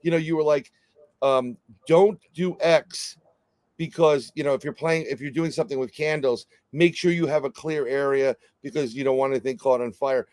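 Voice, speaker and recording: A man's voice: a little high, a little mellow, no room sound. A man with a New York accent hosting an interview, chatty and jokey, rambling with lots of fillers. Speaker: podcast host. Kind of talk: casual interview chat.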